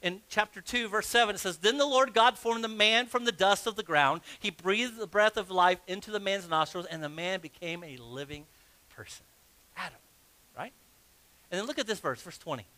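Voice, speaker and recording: Bright-voiced, high-pitched joking pastor. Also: male voice, normal speed. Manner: humorous, reads scripture aloud and acts out the story. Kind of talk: sermon. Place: church sanctuary.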